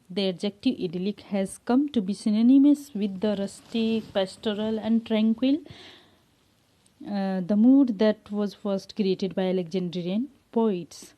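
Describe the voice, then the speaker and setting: An Indian English-accented woman giving a classroom lecture, her voice very dark and mellow. She explains at an unhurried pace, pausing on frequent "uh"s and "um"s. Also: medium pitch.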